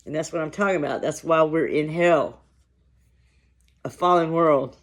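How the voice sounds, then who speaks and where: A man vlogging to camera over lunch, talking in a slow, reflective, halting way with long pauses. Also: on the high side. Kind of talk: casual talk to camera while eating lunch.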